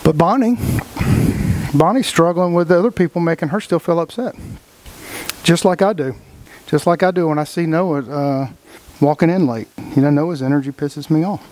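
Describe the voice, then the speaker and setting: A man's voice: a little high, normal speed, pauses often, a little mellow. A man giving a casual motivational talk to a group as its leader, blunt and folksy, swearing freely and acting out the voices of the people he quotes. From Texas.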